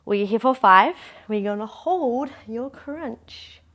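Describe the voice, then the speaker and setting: A woman's voice: on the high side, lively intonation, slow pace, fairly bright tone. A young woman leading a pilates workout, encouraging and counting down reps. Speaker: pilates instructor. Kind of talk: guided workout instruction.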